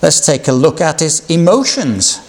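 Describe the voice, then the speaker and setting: A man delivering a sermon in a fairly high voice. He teaches in a slow, measured, reflective way, pausing over each scripture he reads out. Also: sing-song. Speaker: preacher.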